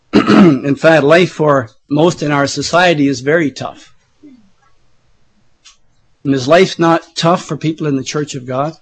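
A middle-aged man preaching a sermon while losing his voice, often clearing his throat, with chatty asides to the congregation. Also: on the high side, takes it slowly, long pauses, rough recording. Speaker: pastor.

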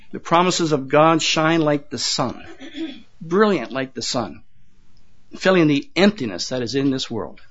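A man's voice: fairly high pitch, a bit bright. An older man preaching a sermon to his congregation in a folksy way, with chuckling asides and repeated words. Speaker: pastor. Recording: dull lo-fi sound.

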